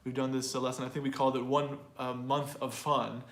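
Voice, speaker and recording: A man's voice: mid-range voice, little pitch movement, a little fast, echoey room. A man teaching an online English pronunciation class. He explains in a talkative way and often repeats or restarts words.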